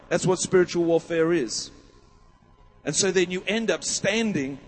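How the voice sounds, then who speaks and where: A man preaching a sermon, emphatic and rousing, with many rhetorical questions. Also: high voice. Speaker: pastor. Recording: long hall reverb.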